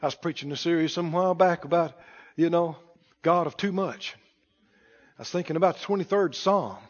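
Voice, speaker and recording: A man preaching a sermon in call-and-response style, building to shouted emphasis. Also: on the high side, brisk, long reverb tail, dull audio. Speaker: pastor.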